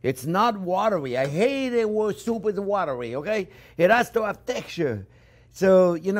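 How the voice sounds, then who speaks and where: Animated chef, higher voice. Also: male voice, normal speed. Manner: animated, chatty, keeps asking "okay?". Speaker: chef and cooking show host. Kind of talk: cooking demonstration.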